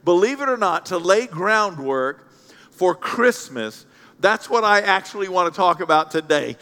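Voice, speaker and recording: A man preaching a sermon as pastor, joking and animated, jumping from loud outbursts to quiet asides. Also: high-pitched, unhurried, big-room sound.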